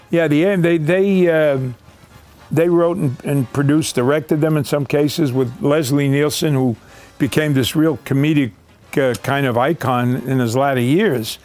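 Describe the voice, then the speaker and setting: Older male actor, reminiscing interview, rambling and warm-hearted, faint music underneath. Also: on the high side. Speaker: actor recalling his career. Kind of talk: documentary interview.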